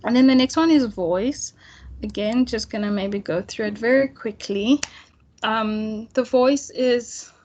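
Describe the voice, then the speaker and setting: A young woman leads an online tutorial, talking to her students in a relaxed, chatty way over a computer microphone. She often restarts her sentences and fills pauses with "um" and "right". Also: fairly high pitch, dull audio, slight background noise. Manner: casual, chatty, many fillers and restarts. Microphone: computer mic on video call.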